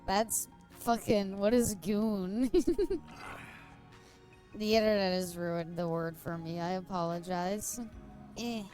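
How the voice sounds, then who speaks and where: A woman's voice: mid-range voice, steady tone, slow pace, long pauses, darkish tone, faint music behind. A young woman streamer chatting casually while playing, giggling often and swearing freely.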